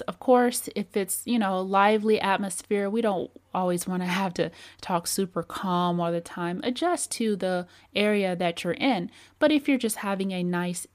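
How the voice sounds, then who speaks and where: Woman host, slightly low voice, measured and calm, coaching listeners. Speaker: podcast host. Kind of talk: advice talk on voice and attraction.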